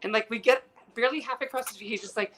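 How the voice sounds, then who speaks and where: A man's voice: very high-pitched, rapid-fire, slight background noise, poor audio. A man hosting a casual chat show from a piano bar, telling stories in a campy, chatty way, swearing freely and acting out the people he quotes. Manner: chatty, campy and profane, with animated quoted voices. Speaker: host.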